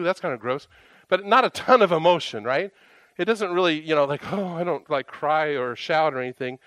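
Guy preaching, kinda high voice, fires off questions, dry sound. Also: no echo. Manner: animated, rhetorical questions, conversational. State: tired, emotionally raw. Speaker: pastor. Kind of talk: sermon.

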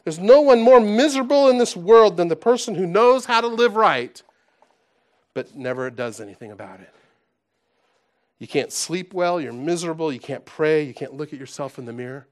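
A man preaching a sermon to his congregation, conversational and animated, dropping to soft asides and rising to loud exclaims, with frequent restarts. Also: high voice, moderate pace. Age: adult, past college. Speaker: pastor.

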